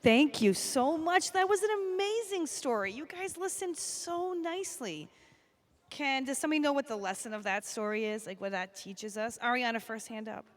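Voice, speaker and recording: A woman's voice: high voice, lively intonation, moderate pace. Upbeat woman praising young pupils. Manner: upbeat, encouraging. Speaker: school staff addressing young pupils. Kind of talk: addressing children at a school assembly. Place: school.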